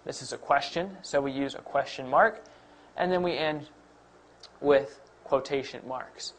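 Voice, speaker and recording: A man's voice: mid-range voice, unhurried. A man teaching a test-prep grammar lesson, explaining step by step with a few fillers and restarts. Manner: explains step by step while pointing at examples; uses fillers and slight self-corrections. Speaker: instructor.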